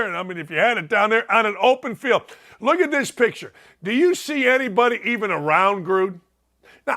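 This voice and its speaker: A man with a Northwest Indiana accent gives brash, mocking sports talk commentary in a fairly high voice. He pushes his volume up and slips into shouts, and his tone stays sarcastic and combative. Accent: Northwest Indiana (Gary). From Northwest Indiana, USA. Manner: loud, mocking, lively, swings into shouting. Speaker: sports talk show host.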